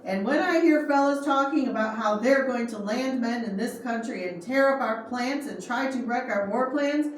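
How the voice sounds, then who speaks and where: A woman's voice: a little high, moderate pace, hardly any pauses, natural voice. Woman voicing an angry drunk man, blunt and worked up, read-aloud storybook, faint background noise. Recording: echoey room, far from mic, faint noise.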